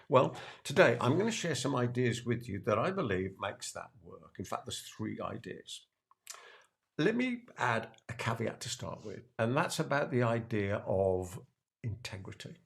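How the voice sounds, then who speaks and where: Older British male sales trainer, lively delivery with a gravelly edge, repeats key points for emphasis. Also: lowish voice. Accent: British English. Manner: emphatic, repeats key phrases slowly for effect; playful asides. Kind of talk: direct-to-camera teaching talk.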